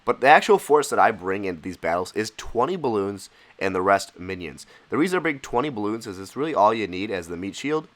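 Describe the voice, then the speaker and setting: A man's voice: lowish voice, fairly quick, hardly any pauses. A congested young man with a cold, casually commenting on his own gameplay as a channel host. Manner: excitable, casual.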